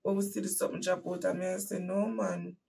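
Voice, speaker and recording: A woman with a Jamaican accent and a husky voice preaching to her listeners as she tells a painful personal story with emphatic repetition, swinging from hushed to loud. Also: fairly low pitch, monotone, very fast, distant mic, a little hiss or hum, poor audio. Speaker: host and preacher.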